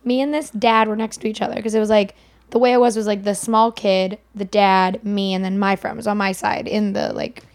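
A woman co-hosting a podcast, telling rambling, lively anecdotes and acting out what people said. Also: medium pitch, brisk. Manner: lively, rambling, acts out quotes. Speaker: podcast co-host. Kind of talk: casual storytelling.

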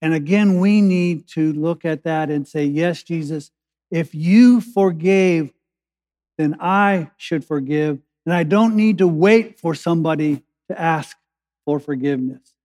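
A man preaching a sermon as a pastor, with slow emphatic pauses that build to urgency. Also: a little high, darkish tone. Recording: echoey hall with long reverb.

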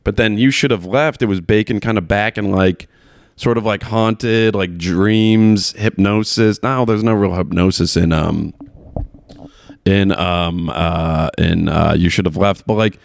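A man's voice: low voice, measured pace, vocal fry, dry recording, clean studio sound. A man hosting a podcast in a rambling, casual chat, laughing often and swearing freely.

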